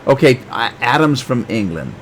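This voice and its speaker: A man's voice: medium pitch, very animated, normal speed, fairly bright tone. Chatty streamer man, faint hum. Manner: chatty, joking, reads chat aloud. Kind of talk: casual game live stream.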